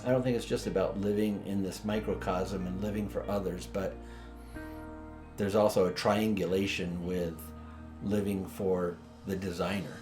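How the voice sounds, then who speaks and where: A man with a somewhat low voice muses through a casual chat, dropping dry jokes now and then. Faint guitar music sits behind his voice. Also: fairly even intonation, normal speed. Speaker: co-host. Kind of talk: casual conversation.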